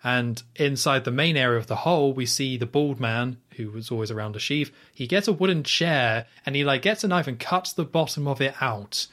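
A man's voice: mid-range voice, moderate pace, hardly any pauses, fairly bright tone. A young man hosting a podcast, casually retelling a film scene in detail with plenty of fillers and quoted lines. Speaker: podcast host recapping a film. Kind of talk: casual chat.

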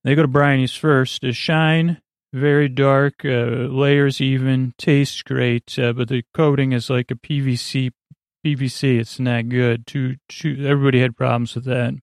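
A man hosting a sleep podcast who recaps at a slow, rambling pace, halting with many fillers and self-corrections. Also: mid-range voice, level tone, creaky, clean tone, no echo, clean studio sound. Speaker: podcast host.

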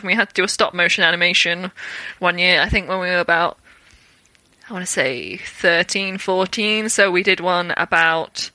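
Young british woman, bright crisp tone, dry close sound, lively storyteller. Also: medium pitch, no echo. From Britain. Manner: animated storytelling with acted-out quotes and laughter. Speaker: guest, actor. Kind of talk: casual interview chat.

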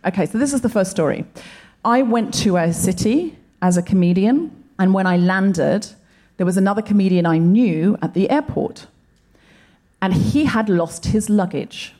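A woman comedian talking to a live audience on stage in a thoughtful, measured way. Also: mid-range voice, mellow. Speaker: comedian, co-host.

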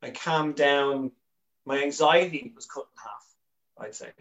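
An Irish man, a comedian guest on a podcast, telling candid stories with animated energy and frequent swearing. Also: mid-range voice, takes it slowly, muffled recording, a little hiss or hum. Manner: animated storyteller, swears freely, restarts often.

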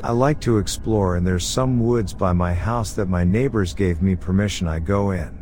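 Man, low voice, horror story narrator, steady and low-key, faint background hiss. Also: moderate pace. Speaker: podcast narrator. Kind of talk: reading listener horror stories.

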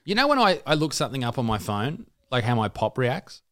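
Animated swearing podcaster. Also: male voice, mid-range voice, brisk, no room sound, clean studio sound. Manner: animated, swears, mimics others. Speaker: podcast co-host. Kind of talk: casual crude podcast banter.

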